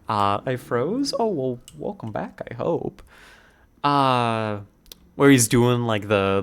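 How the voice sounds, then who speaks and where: Excitable rambling male streamer. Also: fairly low pitch, clean tone. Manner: rambling, excited, swears casually. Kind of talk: casual live-stream chat.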